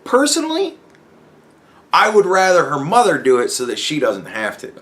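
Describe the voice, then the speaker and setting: A man's voice: a little high, huge pitch swings, moderate pace, a bit bright. Podcast host, male, casual and profane, stammers and restarts, plays out imagined conversations. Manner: acts out imagined dialogue. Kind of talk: casual solo commentary.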